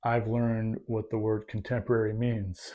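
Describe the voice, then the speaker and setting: A man's voice: lowish voice, little pitch movement, normal speed, mellow, dull audio. A man co-hosting a podcast in casual chat, rambling and self-deprecating with lots of fillers. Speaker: podcast co-host.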